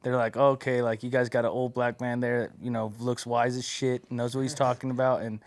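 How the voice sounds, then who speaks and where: A man from a martial arts team, talking in a relaxed, rambling podcast chat with many fillers. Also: mid-range voice, brisk. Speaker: MMA team member.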